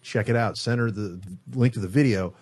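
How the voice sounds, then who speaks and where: A man with a fairly low voice tells a long story as a guest in a studio interview. He talks casually and swears often. He acts out what people said in the story. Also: fairly quick, breathy edge. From San Francisco Bay Area. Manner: animated storyteller, acts out quotes, swears freely. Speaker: guest guitarist.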